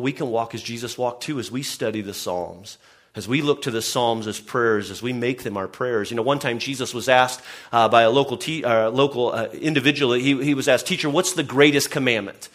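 A man's voice: medium pitch, brisk, fairly bright tone. A man preaching a sermon to his congregation in an earnest way, often restarting and saying "I mean". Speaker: pastor.

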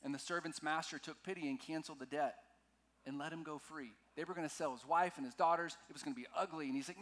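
A male pastor delivers a sermon with a slightly raised pitch for a man. He leans hard on key words, drawing them out and shifting between loud and soft. Now and then he asks the congregation to say lines back to him. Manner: dramatic shifts in loudness, slows for emphasis.

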